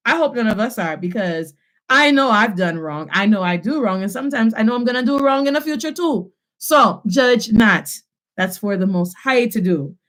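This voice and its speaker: A young adult woman teaching a live online Spanish lesson, lively and switching between English and Spanish as she drills repetition. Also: high voice.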